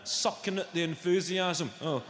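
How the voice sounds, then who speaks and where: Brash Scottish comic in an echoey arena. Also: male voice, high voice, normal speed, slight background noise. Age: young adult. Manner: brash, sweary crowd banter. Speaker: stand-up comedian. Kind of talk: live stand-up routine. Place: large arena stage. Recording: echoey arena with long reverb, loud crowd.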